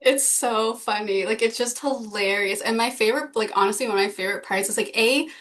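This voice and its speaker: A woman's voice: a little high, a little fast, fairly bright tone. Chatty woman co-hosting a podcast. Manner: chatty, many "like" fillers, laughs often. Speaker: podcast co-host. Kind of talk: casual chat.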